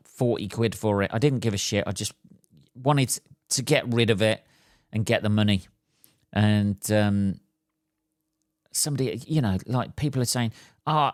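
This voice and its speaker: A man, a podcast host and stand-up comedian, ranting casually and swearing, swinging between loud outbursts and mutters. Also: fairly low pitch, dry recording, studio quality. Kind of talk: casual solo podcast rant.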